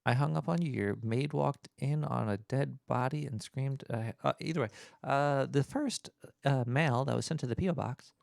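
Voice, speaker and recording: A man hosting his own show in casual, rambling talk, laid-back and halting with many fillers. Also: mid-range voice, gravelly, a little mellow, no echo, clean studio sound. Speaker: podcast host.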